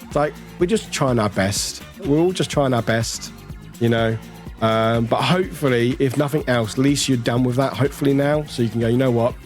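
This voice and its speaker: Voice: medium pitch, soft background music. A streamer chatting casually with viewers, reading out chat and greeting people, with a lingering cough. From United Kingdom. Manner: chatty, rambling, warm toward chat, quick laughs.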